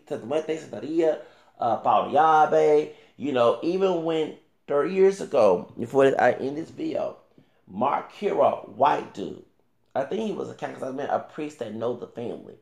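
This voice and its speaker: A man's voice: a little high, animated, normal speed, gravelly, darkish tone, echoey room. A man ranting casually to camera as a YouTuber, rambling with many restarts and fillers and talking back directly to another creator.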